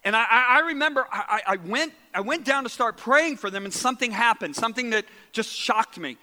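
A man preaching a sermon and telling a story, animated, often repeating words and dropping to a hushed voice. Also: very high-pitched, a little fast, big-room sound.

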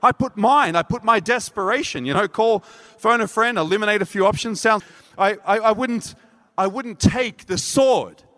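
A man preaching a sermon, telling a story in a lively way, acting out what people said and laughing at himself. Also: sits high, moderate pace. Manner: animated, acts out quotes, laughs at himself. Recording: long hall reverb.

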